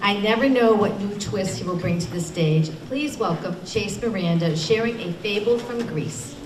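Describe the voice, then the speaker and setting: A woman emcees a school storytelling night, introducing each storyteller with encouraging praise. Her voice sits mid-pitched and comes from far off in an echoey room, with noticeable background noise. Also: normal speed. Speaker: event host and teacher. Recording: echoey room from a distant mic, audible noise.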